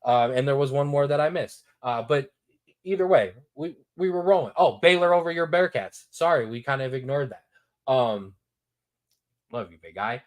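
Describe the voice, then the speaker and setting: A man's voice: mid-range voice, moderate pace. Guy hosting a sports show, hyped about his picks, voice jumps all over. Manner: animated, repetitive, hypes picks. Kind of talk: casual sports betting talk.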